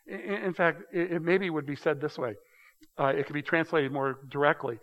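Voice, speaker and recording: A man teaching a casual Bible study in a conversational, halting way, often restarting and repeating words. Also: fairly high pitch, a bit bright. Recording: dull sound with long hall reverb.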